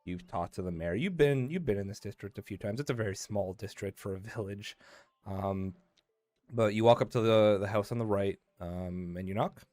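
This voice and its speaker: A man narrating as game master for a tabletop game, pausing often with "uh" and "um". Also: lowish voice, a little mellow, no echo, faint music behind. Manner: halting, many "uh" and "um".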